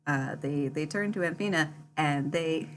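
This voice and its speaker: A woman's voice: deep voice, measured pace, a little hiss or hum. A woman playing in a tabletop role-play game, narrating her character's actions in a giggly, chatty way. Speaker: player.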